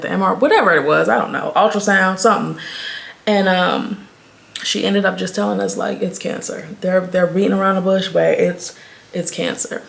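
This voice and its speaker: A woman's voice: medium pitch, creaky. A woman, chatting candidly to her viewers in a get-ready-with-me vlog. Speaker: beauty vlogger.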